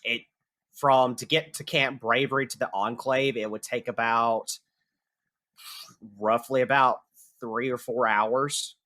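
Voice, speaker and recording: A man's voice: medium pitch, steady tone, unhurried, bright, forceful tone, no echo. A man narrating a tabletop game as game master, casual and loose, with lots of "like" fillers.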